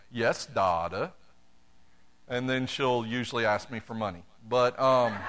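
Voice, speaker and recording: Slow, bright-voiced male preacher. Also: a little high. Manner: conversational preaching with dry humor, addresses congregation directly. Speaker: pastor. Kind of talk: sermon.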